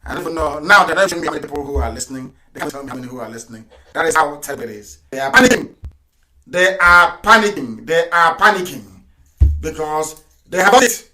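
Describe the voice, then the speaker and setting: A man's voice: fairly high pitch, expressive, rapid-fire, echoey room, crowd noise, rough recording. A middle-aged man with a Nigerian accent giving a live broadcast address, emphatic, repeating his phrases and chuckling between lines.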